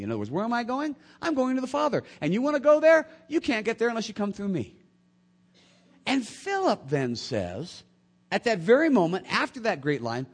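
A man preaching a sermon, swinging between quiet, low passages and loud, high bursts. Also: wildly swooping pitch, fairly quick.

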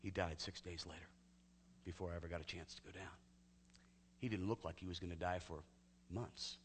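A lower-voiced male pastor tells a story in a sermon, chatty and personal, often sinking to a hushed near-whisper. His voice trails off into a long reverb, as if in a large hall. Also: steady tone, brisk, a little hiss or hum.

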